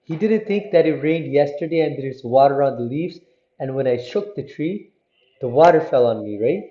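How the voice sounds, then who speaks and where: A man telling a religious story to children, lively and often asking his listeners questions. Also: on the high side, moderate pace. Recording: muffled, roomy recording.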